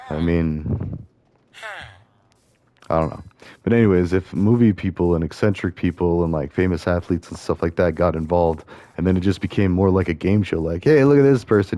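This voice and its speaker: A man's voice: low voice, dark tone. A man hosting a gameplay video, thinking aloud in loose, meandering casual talk full of fillers and restarts. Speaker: host playing a video game. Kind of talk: casual rambling commentary over gameplay.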